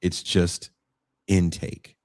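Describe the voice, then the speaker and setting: Deep-voiced man telling a story. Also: drawn-out words, no echo, studio quality. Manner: animated retelling with swearing and acted quotes. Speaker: podcast co-host. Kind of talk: casual chat, storytelling.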